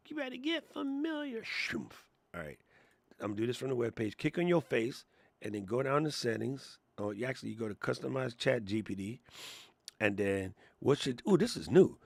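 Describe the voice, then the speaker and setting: A man with a low, gravelly voice hosts a live question-and-answer stream and talks in loose, slangy, lively bursts. The sound is dry and close, with almost no room in it. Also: no room sound. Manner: animated, slangy, chatty. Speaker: host of a live creator Q&A. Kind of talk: casual live-stream chat.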